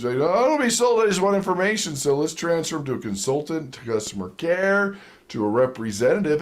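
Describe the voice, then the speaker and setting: A man giving a sales training lecture, telling stories and acting out quotes with chuckles. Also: fairly high pitch. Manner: animated storytelling with acted-out quotes and chuckles. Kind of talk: lively seminar lecture.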